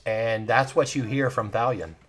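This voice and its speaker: A man narrating as game master in a tabletop game over voice chat, animated and laughing often while he describes scenes. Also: mid-range voice, normal speed. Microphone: online voice call.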